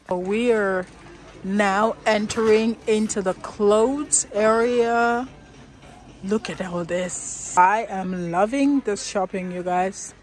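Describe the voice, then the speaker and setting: Young woman, casual shopping vlog, chatty, slow delivery, frequent laughs. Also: mid-range voice. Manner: chatty, excitable, laughs often. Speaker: vlogger. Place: shopping mall.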